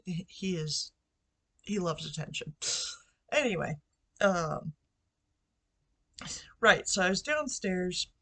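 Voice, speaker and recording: A woman with a fairly low, fairly bright voice tells a story casually from her bedroom, vlogging into a computer microphone. She speaks slowly and expressively, pausing often, and rambles chattily with lots of fillers and side remarks.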